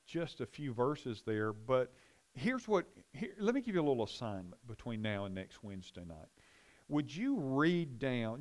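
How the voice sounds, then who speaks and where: A man's voice: medium pitch, darkish tone. A middle-aged man, a pastor, teaching a Bible study and telling a rambling story full of restarts.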